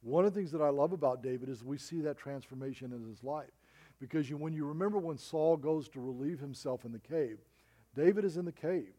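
A man's voice: on the high side, brisk, mellow. A middle-aged man preaching a sermon as pastor, telling a story with emphatic rises and drops.

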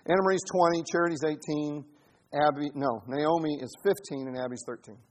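A man in his forties preaches to his congregation, his voice sitting fairly high. He tells humorous stories from his family life, then builds into emphatic, rising exhortation. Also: brisk. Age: 40s. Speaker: pastor. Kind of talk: sermon.

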